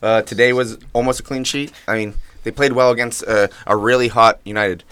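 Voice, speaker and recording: A man's voice: medium pitch, fairly even intonation, fairly quick, fairly bright tone, clean tone, dry recording. A man co-hosting a casual soccer podcast, joking and talking through a meal at a desk mic. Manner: joking, talks while eating. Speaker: podcast co-host.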